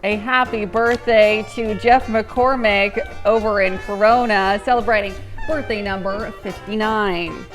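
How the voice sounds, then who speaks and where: A woman co-anchoring a local morning newscast, reading headlines and announcements in a steady scripted delivery. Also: medium pitch, unhurried, hardly any pauses, faint music behind.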